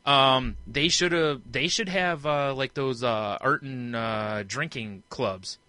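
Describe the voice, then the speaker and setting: A man co-hosting a podcast in loose, casual chat, with a bright, forceful tone. He jokes, laughs often and trades crude banter. The sound is close and dry. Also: mid-range voice, slow pace, dry recording. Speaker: podcast co-host.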